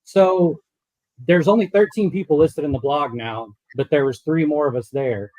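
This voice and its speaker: A man appearing as a podcast guest, chatting in a relaxed, rambling way. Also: a little high, normal speed, dry recording, low-quality recording. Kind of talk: casual podcast chat.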